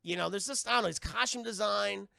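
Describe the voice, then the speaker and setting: A man hosting a casual live-stream film review, talking to his chat in an animated, profane way. His voice is high-pitched, bright and forceful, with heavy vocal fry. The sound is dry and close. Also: quick pace, no echo.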